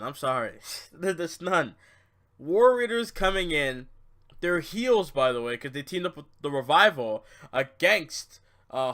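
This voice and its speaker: A young man giving a casual, animated review of a wrestling show, swinging between low muttering and loud, swearing outbursts.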